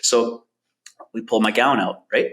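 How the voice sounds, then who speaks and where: A man from Canada, a podcast guest, telling a personal story in a candid, casual way full of "like" and quick restarts. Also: on the low side, fairly even intonation, a bit bright, rough recording.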